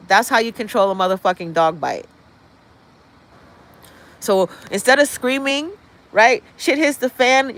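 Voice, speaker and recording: A woman's voice: medium pitch, a bit bright, poor audio. Woman ranting on her livestream, blunt and sweary, rambles on. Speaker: livestream host. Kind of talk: casual livestream rant. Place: indoors, apartment building.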